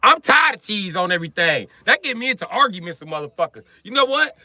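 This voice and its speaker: A man's voice: high-pitched, sing-song, quick pace, sharp tone, dry recording. A man from Wisconsin ranting profanely and mockingly on a livestream. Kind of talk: profane comedic rant on a livestream.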